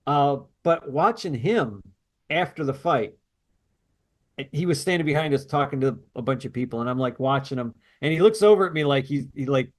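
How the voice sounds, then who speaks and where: A man with a mid-range, animated voice co-hosts a podcast at a normal speed. He chats casually and rambles through stories, slipping in quoted asides.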